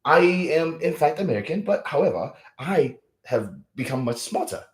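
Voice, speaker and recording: A man putting on an exaggerated, prim, over-formal British-sounding gentleman's voice. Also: a little high, expressive, moderate pace, voice pushed up, lightly acted. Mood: snooty. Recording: roomy echo.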